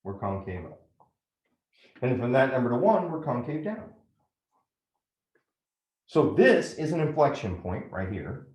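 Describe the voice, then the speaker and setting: A man's voice: mid-range voice, sing-song, a little slow, pauses often, a little mellow, roomy sound. A man teaching a math lesson step by step, often checking in with "right?". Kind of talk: classroom lecture at a whiteboard.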